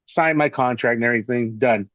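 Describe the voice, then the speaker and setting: Animated man telling showbiz stories. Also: medium pitch, a little fast, dry recording, dull audio. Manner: animated anecdotes, acts out quoted voices. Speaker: actor and interview guest. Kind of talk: casual storytelling interview.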